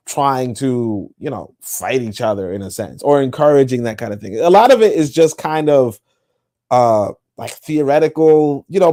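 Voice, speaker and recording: A man's voice: medium pitch, mellow. A male podcast host ranting on a livestream, exasperated and rambling, swearing often and leaning on fillers like "you know" and "like". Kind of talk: livestream monologue.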